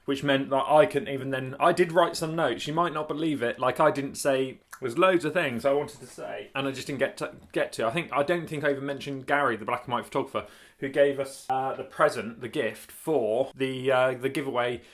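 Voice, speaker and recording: A man's voice: medium pitch, a little fast. A man vlogging in casual chat, rambling, laughing often and correcting himself as he goes. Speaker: cycling vlogger.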